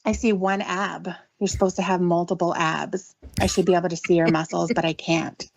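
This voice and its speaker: Gravelly-voiced woman taunting bluntly. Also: lowish voice, level tone, fairly quick, a little mellow, dry recording. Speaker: prank caller. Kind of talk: recorded phone call. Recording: dull lo-fi call recording.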